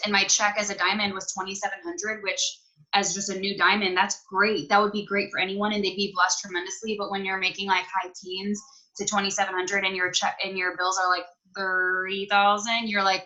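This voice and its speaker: A woman's voice: mid-range voice, bright, forceful tone, rough recording. A young woman telling a candid personal story in a casual, emotional way, full of fillers and restarts. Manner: casual and emotional, many fillers and self-corrections. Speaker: guest.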